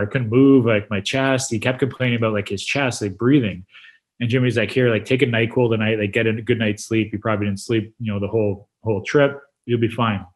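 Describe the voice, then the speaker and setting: A man in his thirties, a hockey player as podcast guest, telling locker-room stories in a loose, laughing way, full of "like" and swearing. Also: mid-range voice. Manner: relaxed, laughing, swears casually, lots of "like". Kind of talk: casual storytelling chat.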